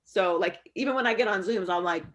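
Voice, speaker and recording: A woman in sports broadcasting responds candidly to student questions via video call, relaxed and heavy on fillers. She speaks briskly in a mid-range voice.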